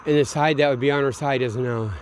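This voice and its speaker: A man's voice: medium pitch, steady tone, fast, a little hiss or hum. A man from Minneapolis in a meandering, late-night solo monologue, swearing freely and often trailing off mid-thought. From Minneapolis, USA. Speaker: vlogger.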